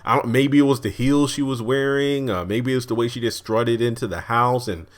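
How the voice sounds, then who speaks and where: A man giving a casual, rambling video review of a TV episode. He talks in an animated way, often restarts his sentences and chuckles as he goes. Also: mid-range voice, a little fast.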